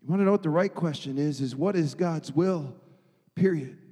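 A man preaching a sermon as pastor, emphatic, swinging from loud declarations to hushed, quiet lines. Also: a little high, moderate pace, husky, big-room sound.

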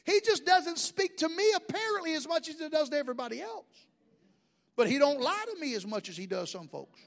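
High-voiced pastor joking through a sermon. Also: male voice, brisk, gravelly. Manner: animated, joking storyteller with many restarts.

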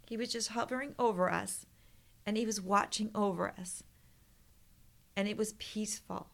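A woman's voice: medium pitch, steady tone, moderate pace, gravelly, pauses often. Earnest middle-aged woman telling her story. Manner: earnest, emotional retelling with quoted prayers. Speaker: podcast guest. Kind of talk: personal storytelling.

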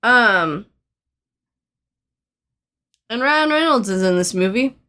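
A woman's voice: a little high, animated, slow pace, pushed and bright. A woman co-hosting a podcast, recapping a movie in casual, earnest chat full of "like" and "um". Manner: chatty, sprinkled with "like" and "um"; earnest and sentimental. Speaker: podcast co-host.

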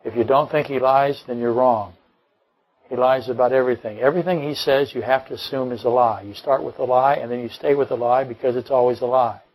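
A man's voice: mid-range voice, steady tone, fairly quick, dull audio. A man preaching a sermon to his congregation as pastor, emphatic, with rhetorical questions and dry jokes. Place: church.

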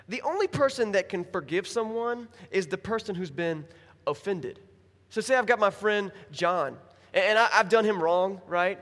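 A man preaching a sermon as a pastor, telling stories with acted-out voices. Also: sits high. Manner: animated storytelling with acted-out voices. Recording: hall reverb.

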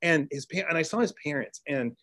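A middle-aged man from Texas, a teacher telling a classroom story in an interview, earnest, with restarts and excited bursts. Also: on the high side, a little fast. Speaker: teacher and author guest. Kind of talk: storytelling in conversation.

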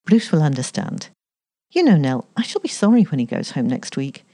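A woman reading aloud who voices a placid, gently amused older mother in soft tones. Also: low-pitched, sing-song, normal speed, breathy edge, full character voice.

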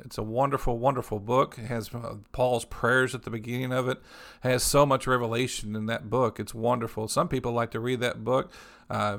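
A man preaching a sermon as pastor, filling pauses with "amen" and "praise the Lord", slowing down to read scripture aloud. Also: medium pitch, gravelly, a bit bright. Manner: repeats "amen" and "praise the Lord" between sentences, reads scripture slowly.

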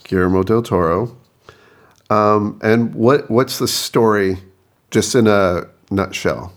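A man's voice: on the low side, takes it slowly. A man co-hosting a podcast in casual chat, curious and asking questions, laughing easily. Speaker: podcast co-host.

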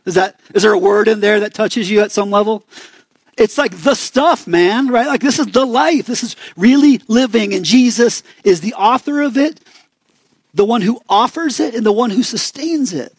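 A man's voice: high-pitched, lively intonation, moderate pace, breathy edge, no room sound. A young man with an Arizona accent preaching a sermon in a conversational way, often asking the congregation questions. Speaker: pastor.

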